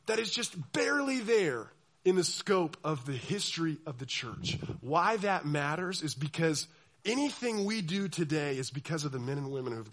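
A young man preaches to a youth crowd, his voice sitting high for a man. He is animated, breaking into the voices of the people he describes. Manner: animated, acts out quoted voices. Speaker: youth pastor. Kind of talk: sermon.

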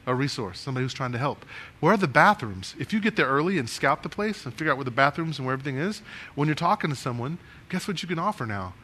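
A man leading a networking workshop before a live room, animated and restless, often asking the audience questions and moving as he talks. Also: medium pitch, racing. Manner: animated, talks with his hands and moves around; asks the room many questions. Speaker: speaker giving a networking workshop.

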